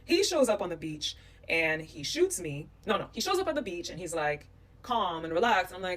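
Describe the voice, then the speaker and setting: Animated woman telling travel stories. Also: on the low side, moderate pace, recorded from a distance. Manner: animated, emphatic storytelling. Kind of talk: storytelling vlog.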